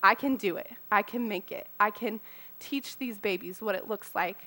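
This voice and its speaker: A woman's voice: medium pitch, normal speed, pushed and bright. A woman in her thirties giving an earnest, personal sermon to mothers, talking casually and laughing often. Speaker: speaker to mothers. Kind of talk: conversational sermon.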